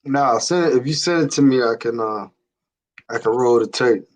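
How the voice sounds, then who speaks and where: A man's voice: medium pitch, moderate pace, a little hiss or hum. A man hosting a casual call-in chat, laid-back and slangy, laughing often. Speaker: show host.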